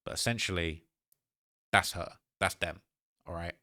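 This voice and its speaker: A man with a lowish voice gives reaction commentary, animated and emphatic, often repeating a phrase. The recording is dry and close, with no room sound. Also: measured pace, no room sound. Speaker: commentary YouTuber.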